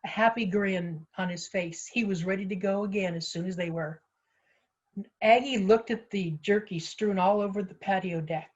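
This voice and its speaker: A woman author reading her own story aloud with expressive, lively storytelling. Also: mid-range voice, moderate pace. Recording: slightly muffled lo-fi audio.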